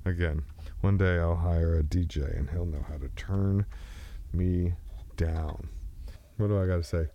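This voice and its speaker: Hosting a solo podcast, a man with a slight Texas twang rambles loosely, meanders, and jokes at his own expense. His low-pitched voice is steady and his pace measured, though the recording is muffled.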